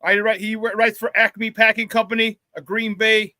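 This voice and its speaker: A man hosting a live morning sports talk show, loud and playful, hyping up his audience with shout-outs. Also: sits high, flat delivery, brisk, no room sound.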